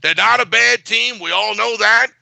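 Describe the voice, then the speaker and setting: Boastful gravelly man talking betting. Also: high-pitched, normal speed, bright, forceful tone, dry recording. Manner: blunt and boastful, many filler uhs. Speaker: sports betting handicapper. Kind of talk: sports betting talk.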